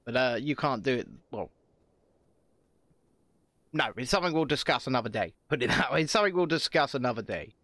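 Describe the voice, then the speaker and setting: A man's voice: mid-range voice, lively intonation, brisk, pauses often, fairly bright tone, no echo. A man on a video call, chatting casually and ranting with heavy swearing. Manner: profane, ranting, grows heated and emphatic. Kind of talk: casual online chat.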